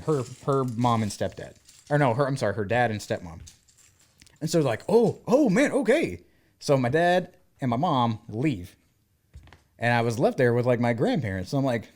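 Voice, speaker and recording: A man in his thirties, from the American South, chats casually as a podcast co-host. His voice sits at an ordinary middle pitch. He tells stories with energy and acts out what each person said. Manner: animated storyteller who acts out quoted dialogue. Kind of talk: casual chat.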